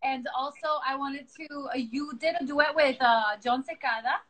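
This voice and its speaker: A woman's voice: sits high, steady tone, normal speed, background noise. A woman hosting a casual interview on a phone video call, encouraging and eager, and reading her questions from notes. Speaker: host, interviewer. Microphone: phone on a live video call.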